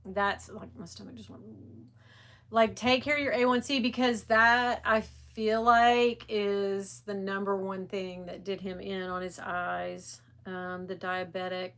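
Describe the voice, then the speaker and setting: Her voice sits mid-range and moves a little slowly. She's a middle-aged woman running a casual livestream, lively and rambling, saying hello to viewers by name.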